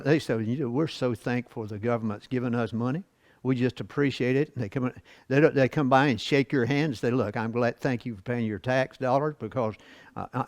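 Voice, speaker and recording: A man's voice: medium pitch, no room sound. A man teaching a church Bible lesson, reading scripture and explaining it in a folksy, conversational way with rhetorical questions and chuckles. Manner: asks the class rhetorical questions.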